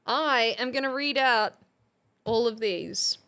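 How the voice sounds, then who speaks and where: A woman's voice: a little high, slow pace, bright, forceful tone, clear, resonant tone. A young woman, chatting on a live stream, reading viewers' messages aloud and laughing often. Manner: reads chat entries aloud, laughs often. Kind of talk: casual live-stream chat.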